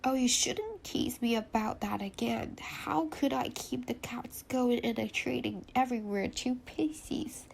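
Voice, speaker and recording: Playful young wife, read by a woman in a soft gravelly voice, a bit higher, stuffy nose, faint hiss. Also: a little slow, few pauses. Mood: eager.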